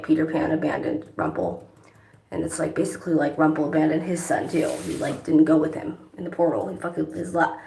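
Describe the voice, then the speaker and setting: A woman's voice: low-pitched, creaky. A woman vlogger chats casually and rambles while doing makeup, swearing often, in an echoey room. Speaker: vlogger, songwriter.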